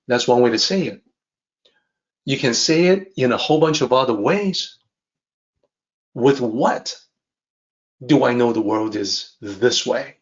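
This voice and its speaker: Male teacher, middle pitch, slow deliberate delivery; restates points patiently; slightly dull lo-fi recording. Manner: measured, repeats and rephrases ideas. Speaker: teacher explaining a classic text. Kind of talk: calm explanatory lesson.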